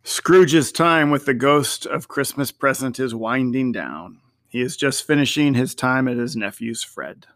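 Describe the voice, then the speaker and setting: A man hosting a daily series, reading a classic story aloud in a gentle, measured way. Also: medium pitch, expressive, no room sound, clean studio sound. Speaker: storyteller host.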